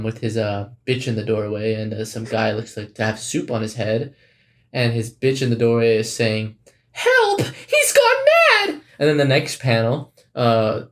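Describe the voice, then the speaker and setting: A man co-hosting a podcast in casual chat, rambling and hesitant with lots of fillers and restarts. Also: mid-range voice. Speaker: podcast co-host.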